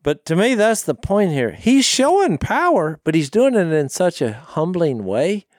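A man co-hosting a casual Bible discussion, animated and telling stories, acting out the quotes. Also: high-pitched, a little slow, slight background noise. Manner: animated storyteller, acts out quotes. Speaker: podcast co-host.

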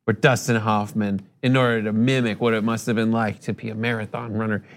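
A man co-hosting a casual panel podcast, telling animated stories and acting out quotes in voices. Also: fairly low pitch, fairly quick. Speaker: podcast co-host.

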